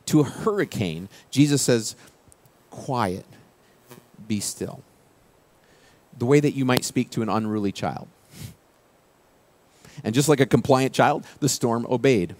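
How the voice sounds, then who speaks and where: A male pastor preaching a sermon in a conversational way, dropping his voice low and quiet for key quoted phrases. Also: moderate pace.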